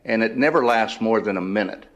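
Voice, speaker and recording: Low-voiced man describing earnestly. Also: brisk.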